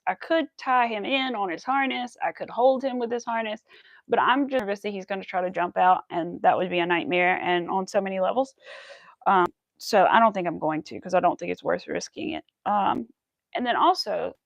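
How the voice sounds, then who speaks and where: Chatty woman with a gravelly voice. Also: mid-range voice, no echo, dull audio. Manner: chatty, rambling, talks to viewers. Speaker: crochet livestream host. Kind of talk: casual chat while crocheting.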